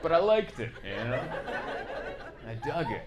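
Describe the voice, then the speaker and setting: A man doing a stand-up comedy set on stage, chatty and self-mocking, breaking into loud put-on bits. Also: medium pitch, sing-song, a little slow, a loud crowd. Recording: live club audience noise.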